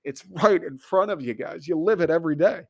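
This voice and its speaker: A man's voice: on the high side, brisk. A young adult man delivering an exasperated, incredulous comedic rant, riffing and acting out quotes.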